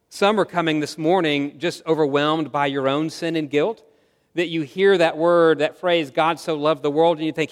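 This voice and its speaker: A man's voice: on the high side, big-room sound. A man preaching a sermon to his congregation in an earnest, conversational way, asking them questions. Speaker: pastor. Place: church sanctuary.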